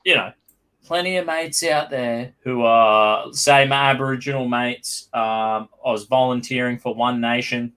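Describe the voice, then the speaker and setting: A man's voice: mid-range voice, a little slow, a bit bright, clear, resonant tone. An Australian man hosting a casual podcast, blunt, profane and emphatic. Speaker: podcast host.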